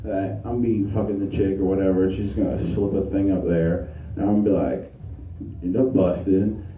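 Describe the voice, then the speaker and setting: A man's voice: sits low, steady tone, a little fast, warm tone. A young man doing a crude, profane stand-up set with crowd work, recorded from a distance in a noisy, echoey small venue. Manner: crude, profane, laid-back delivery. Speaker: stand-up comedian.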